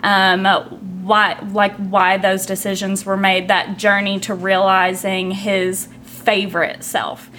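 A woman's voice: mid-range voice, little pitch movement, slow, few pauses, fairly bright tone, slight background noise. A woman from southeastern Kentucky with a Southern drawl, chatting casually as a podcast guest, with many fillers. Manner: chatty, uses fillers, says y'all. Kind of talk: casual conversation.

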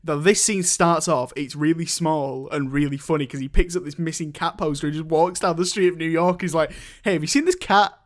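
A young man co-hosts a casual film podcast. His voice sits a little high, and he keeps breaking into laughter while acting out scenes. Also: fairly even intonation, fairly quick, few pauses. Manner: laughs often, acts out movie lines. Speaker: podcast co-host. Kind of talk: casual chat.

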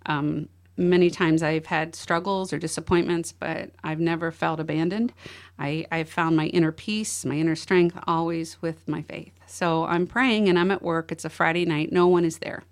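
A middle-aged woman, a guest, telling a deeply personal story in an earnest, emotional way. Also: fairly even intonation, normal speed. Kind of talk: personal testimony in an interview.

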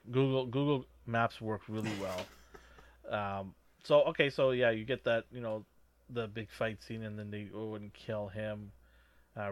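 A man co-hosting a casual movie review chat, rambling with lots of fillers and animated reactions. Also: on the low side.

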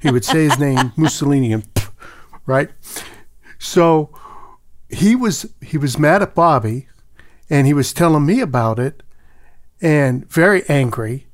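A man with a fairly high voice who co-hosts a casual podcast and tells stories easily, acting out what others said. The sound is dry and close. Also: measured pace, no echo. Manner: relaxed storyteller who mimics others' voices. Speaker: podcast co-host.

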